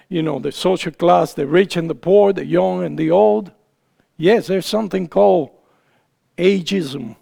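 A male pastor preaching in a relaxed, chatty way, quizzing and teasing his congregation. His voice sits high and is heavily gravelly, and he takes his time with each phrase. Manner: asks the congregation questions, folksy and teasing. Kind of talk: conversational sermon.

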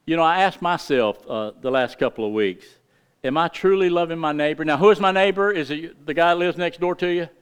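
Middle-aged guy preaching, folksy and emphatic, fairly high smooth voice. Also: a little fast, few pauses. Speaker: pastor. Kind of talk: sermon.

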